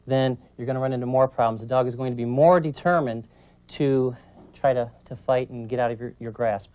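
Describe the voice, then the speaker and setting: A man's voice: mid-range voice, fairly even intonation, fairly quick, mellow, no echo, muffled recording. A man demonstrating puppy training, explaining patiently and checking in with his student as he coaches. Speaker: dog trainer. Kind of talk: instructional demonstration.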